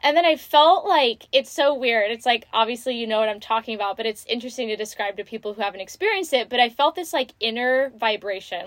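A woman's voice: a little high, a bit bright, dry recording. A woman in her twenties hosting a podcast, talking casually and peppering her story with "like" and "you know". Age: 20s. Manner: chatty, full of "like" and "you know". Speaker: podcast host. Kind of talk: casual chat.

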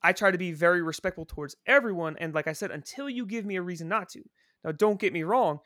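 Bright-voiced man in a casual chat. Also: sits high, quick pace, no echo, studio quality. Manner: profane, rambling, earnest. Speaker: podcast guest, prison supervisor.

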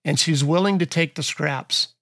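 On a casual Bible study podcast, a male co-host explains things in a slightly bright, higher-leaning voice at a moderate pace, stammering a little on his first words. The recording is clean studio sound with no room echo.

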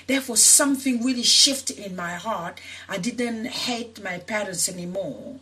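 An activist guest from Senegal who was raised in France tells her personal story in an interview, earnest and emotional, restarting often. Her mid-range voice comes across pushed and bright at a measured pace.

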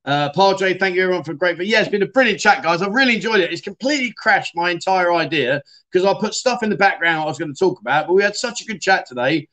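A man's voice: high voice, lively intonation, quick pace, bright, forceful tone. Chatty man hosting a livestream. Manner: chatty, self-deprecating, calls viewers mate. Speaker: livestream host. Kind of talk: casual livestream chat reading comments.

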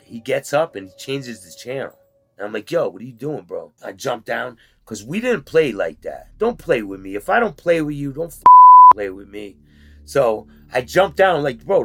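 A man casually telling about his time in prison, in street slang, with animated retelling. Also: mid-range voice, vocal fry, slightly rough. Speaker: former inmate telling his story. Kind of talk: casual storytelling.

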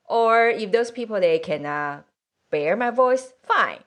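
A woman in her late forties with a mixed accent, hosting a podcast and chatting casually, halting with many fillers and frequent laughter. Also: mid-range voice, lively intonation. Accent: mixed accent from several places. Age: 40s. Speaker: podcast host. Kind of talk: casual conversational interview.

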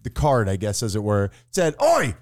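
Lively, playful male podcast co-host. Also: a little fast. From Florida, USA. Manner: playful, mock-grandiose, lively pitch swings. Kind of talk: casual comedic chat.

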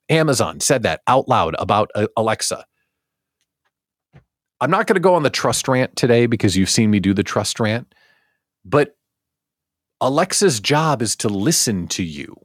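A male livestream host talks in an animated, joking way, with his pitch swinging widely. He keeps asking his audience rhetorical questions, and the dry recording puts him right up close. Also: measured pace, no echo. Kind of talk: livestream talk show.

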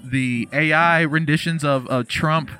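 A man's voice: a little high, fairly even intonation, unhurried, pushed and bright. A man in casual podcast chat, laid-back and swearing freely.

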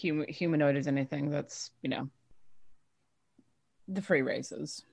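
Low-voiced, dry woman player. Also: measured pace, creaky, darkish tone, husky, dry recording. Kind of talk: playing a tabletop game.

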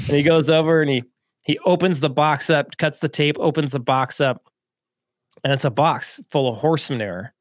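A man co-hosting a podcast, telling a story in a relaxed, chatty way, with frequent laughs and fillers. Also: medium pitch, dry recording, studio quality. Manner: laid-back, laughs often, quick bursts with lots of fillers. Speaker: podcast co-host. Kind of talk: casual storytelling chat.

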